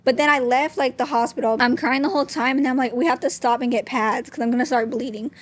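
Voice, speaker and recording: A woman's voice: sits high, steady tone, fast talker. A young woman, a podcast guest, telling a personal story openly and candidly, with many "like" fillers. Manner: open, talks with frequent "like" fillers.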